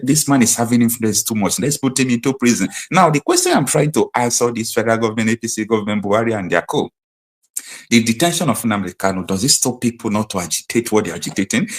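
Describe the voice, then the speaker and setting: Emphatic Nigerian man hosting commentary. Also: mid-range voice. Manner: emphatic, repetitive, preaching tone. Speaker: host. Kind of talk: online political commentary.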